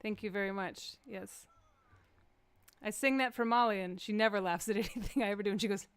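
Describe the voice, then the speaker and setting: A woman comedian hosting a live stream, joking playfully with the audience and jumping into excited quoted voices. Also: medium pitch, a little fast, smooth, no echo.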